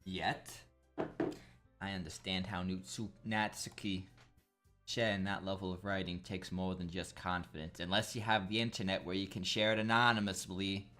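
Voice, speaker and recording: A man's voice: sits low, flat delivery, normal speed, pushed and bright, faint music behind. A young man commenting on a game in a rambling, crude and joking way, swearing often. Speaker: gameplay commentator. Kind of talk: casual gameplay commentary.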